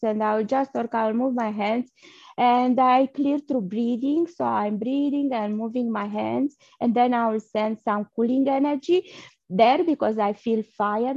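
A woman leading a guided energy healing session, speaking softly and haltingly with breathy blowing sounds between phrases. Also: on the high side, no echo. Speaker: energy healer guest. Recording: dull lo-fi sound.

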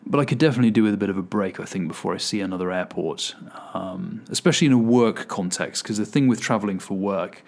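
A man with a low, gravelly voice talks quickly with hardly any pauses. He's a solo podcast host, chatty and self-deprecating, dropping fillers throughout.

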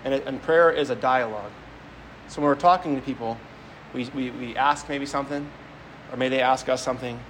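A man's voice: medium pitch, fairly quick, a little hiss or hum, low-quality recording. A man preaching a homily as a priest, speaking conversationally, telling stories and often repeating words as he goes. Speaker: Catholic priest.

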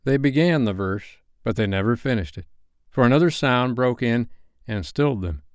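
A man calmly reading a classic novel aloud as a bedtime story. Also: medium pitch, moderate pace, clean tone, no echo, clean studio sound.

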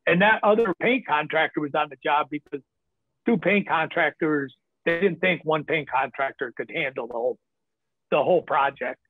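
A man from the northern United States, with a fairly high voice at normal speed, appears as a podcast guest telling rambling stories. He chuckles and swears often in this casual storytelling, heard over a tinny, phone-like dry line with no echo.

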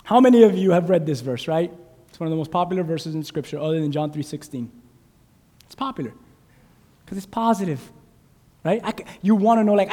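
A man preaching a sermon to a congregation, asking them questions and waiting for answers, building from quiet teaching to shouted emphasis. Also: high-pitched, lively intonation, fairly quick, in a large hall. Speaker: pastor. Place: church sanctuary.

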